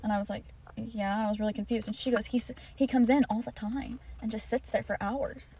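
A young woman co-host spins a long story in casual chat, talking fast in a slightly high voice. She fills it with "like" and plays out each quoted line as she goes. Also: steady tone, warm tone, a little hiss or hum. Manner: storytelling, quoting others with many "like"s. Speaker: podcast co-host.

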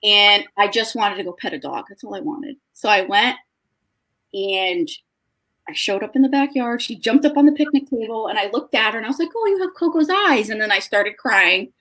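A young woman, a guest on a video call, telling an emotional story in a casual, tearful way, with lively voices for the people she quotes. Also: medium pitch, moderate pace. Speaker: guest, dog owner.

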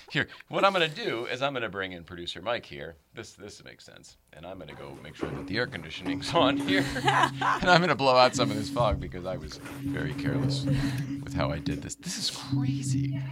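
A man hosting a casual live-stream chat, rambling and laughing, with many fillers and restarts. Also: mid-range voice. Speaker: show host.

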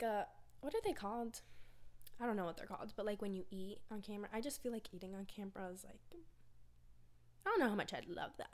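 A woman's voice: a little high, a little mellow. Rambling young woman, candid podcast talk. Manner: rambling, filler-heavy, candid and emotional. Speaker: podcast host. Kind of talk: casual personal monologue.

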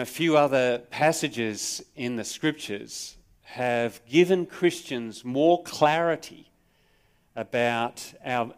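A man's voice: medium pitch, clear, resonant tone. An Australian man preaching a sermon at a live church service in a conversational way, asking the congregation questions and telling stories with drama. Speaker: pastor.

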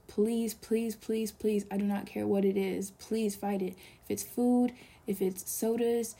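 A woman's voice: mid-range voice, little pitch movement, a little slow, gravelly, mellow. A young woman speaking to camera in an earnest, pleading confessional monologue, with strong repeated emphasis and sometimes dropping to a whisper. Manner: drops to a whisper at times.

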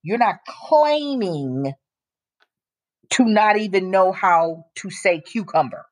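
A woman co-hosting a casual opinion chat, talking bluntly and emphatically and slowing down to press her points. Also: mid-range voice, animated. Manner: emphatic, blunt, drops into slow deliberate points. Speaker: co-host.

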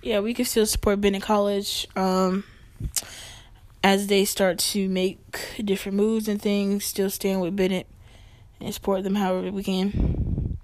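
A woman's voice: medium pitch, little pitch movement, a little slow, darkish tone, dry recording. A woman hosting a podcast, chatty and playful, moving from light news to a read-out disclaimer. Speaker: podcast host.

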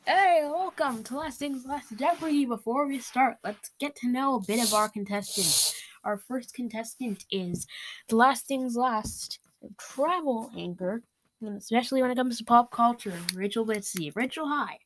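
In a jokey comedic sketch, a woman hosts a mock quiz show and plays every contestant herself. Her voice is fairly high-pitched and moves at a moderate pace.

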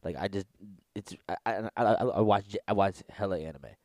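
A man's voice: low voice, a little fast, darkish tone, dry recording. A young man co-hosting a podcast, rambling casually with swearing and frequent self-interruptions. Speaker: podcast co-host. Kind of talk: casual chat.

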